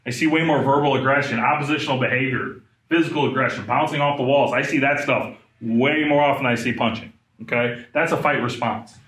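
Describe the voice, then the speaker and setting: A man in his thirties giving a live trauma training talk, animated and conversational, often asking the room questions. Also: medium pitch, brisk. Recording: echoey room.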